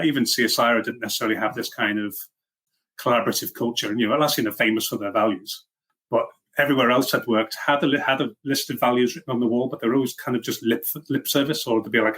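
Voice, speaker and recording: Fast and fairly even in intonation, his medium-pitched voice is fairly bright with a breathy edge. The speaker, a middle-aged software engineering leader from Liverpool with a Liverpool-Welsh accent, is a guest in a casual interview, self-deprecating and full of fillers and restarts.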